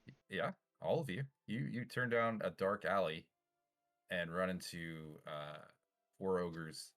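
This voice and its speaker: A man narrating as game master of a tabletop game, relaxed and chuckling as he describes the scene. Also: deep voice, slow pace, faint music behind.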